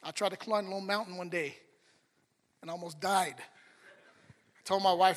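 A middle-aged man preaching a sermon and telling a family story with animated swings between soft and loud talk. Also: high-pitched, a little slow, pauses often, long reverb tail. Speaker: pastor.

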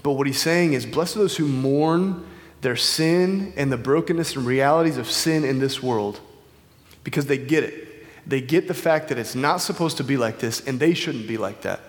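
A man's voice: medium pitch, moderate pace. Man preaching casually with long hall reverb. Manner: casual, conversational, many fillers and restarts. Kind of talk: informal sermon. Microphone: wireless microphone.

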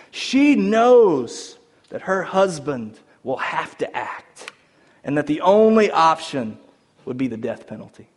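A male pastor preaching a sermon in a conversational, animated way, with many casual fillers. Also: a little high.

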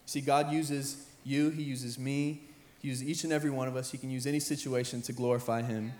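A young man, a high school pastor, preaching an earnest sermon that repeats phrases and builds in intensity. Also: fairly even intonation, brisk, darkish tone. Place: church sanctuary with band playing behind. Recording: roomy church hall with live music.

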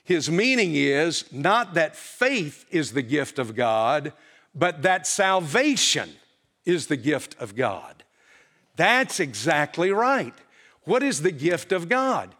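A man's voice: a little high, sing-song, slow pace, a bit bright. A man preaching a sermon to a congregation, emphatic and full of rhetorical questions. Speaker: pastor. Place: church.

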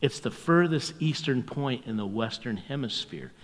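Older pastor guy telling folksy stories, chuckles a lot, goes soft and hushed sometimes, big reverby church. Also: medium pitch, lively intonation, normal speed. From North America. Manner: folksy, chuckling, drops to a hushed voice at tender moments. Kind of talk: storytelling sermon.

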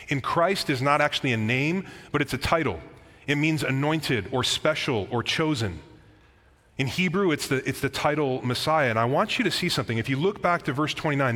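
Man, pastor preaching, emphatic and earnest, casual asides, mid pitch, echoing church hall. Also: fairly bright tone. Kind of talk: sermon. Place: church sanctuary.

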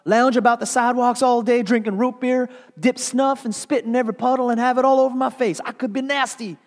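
A man's voice: sing-song, brisk, warm tone, slightly rough, exaggerated voice. A preacher voicing a self-righteous older churchwoman who snarls indignantly at God. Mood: furious. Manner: snarling, indignant, shrill outbursts. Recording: long hall reverb.

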